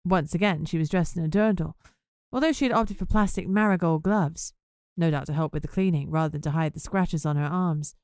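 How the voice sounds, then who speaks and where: A woman's voice: low voice, a little fast, darkish tone, clear, resonant tone, no room sound, studio quality. Woman narrating a chatty audiobook. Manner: first-person narration with wry, chatty asides.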